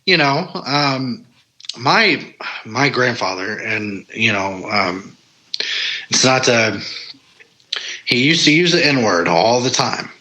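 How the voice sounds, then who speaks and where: A man's voice: mid-range voice, expressive, takes it slowly, long pauses, pushed and bright, poor audio. A man guesting on a podcast, talking casually and bluntly, with lots of fillers, restarts and the odd swear word. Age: adult parent. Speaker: podcast guest, paranormal investigator. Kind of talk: casual conversation.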